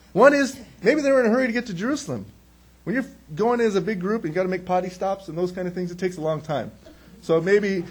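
Male pastor, casual conversational sermon, lively, slightly high-pitched, asks questions and answers them himself. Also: breathy edge. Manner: animated, acts out quotes.

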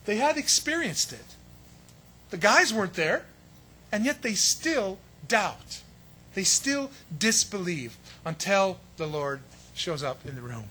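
A man preaching a sermon, telling the story in a lively way and acting out the voices of the people in it. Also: high voice, a little hiss or hum. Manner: animated storytelling, acts out voices of biblical figures. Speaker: pastor.

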